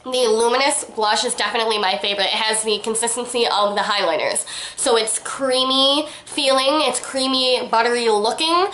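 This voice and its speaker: A young woman vlogger with a slightly high voice reviews makeup in an enthusiastic, chatty way. She gushes to her viewers as she talks. The sound is a bit echoey, as if she is in a room at home. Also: a bit bright. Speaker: beauty vlogger.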